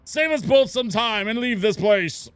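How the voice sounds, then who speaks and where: A man's voice: sits high, lively intonation, unhurried, fairly bright tone, clear, resonant tone, no echo, soft background music, voice pushed up. A man voicing a grumpy ancient boggart guardian in the form of a cat, haughty and scolding, reading game dialogue aloud.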